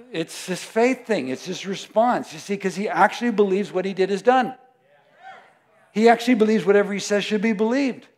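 A man preaching a sermon in a conversational, animated way, often laughing and acting out voices. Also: sits high, moderate pace.

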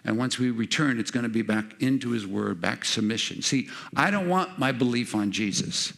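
A man preaching a sermon, animated and acting out the voices he quotes. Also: medium pitch, normal speed, gravelly.

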